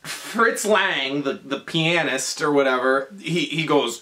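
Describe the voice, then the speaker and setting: Drunk guy giggling through a movie recap, kinda high bright voice, tripping over his words. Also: takes it slowly. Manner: rambling and giggly, with stumbles and restarts. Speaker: comedy performer.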